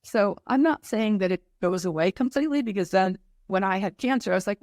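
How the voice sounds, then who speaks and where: A woman's voice: mid-range voice, animated, darkish tone, no room sound. Middle-aged woman telling her story, dry sound. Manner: earnest, acts out her past reactions in quick asides. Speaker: podcast guest. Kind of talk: candid personal storytelling.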